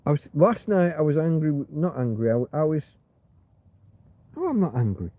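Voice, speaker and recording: Man, middle-aged, livestream host, rambling casual chat, slightly high voice, husky, tinny phone-like sound. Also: big pitch swings, moderate pace, no echo. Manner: rambling, swears a lot, reads chat aloud. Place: in bed in a van or caravan.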